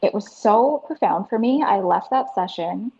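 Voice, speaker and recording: A woman in her thirties, a podcast guest, telling her story in an earnest, animated way with lots of "like". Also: medium pitch, moderate pace, slightly rough. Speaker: podcast guest, breathwork facilitator. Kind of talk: casual interview storytelling. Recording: dull lo-fi sound.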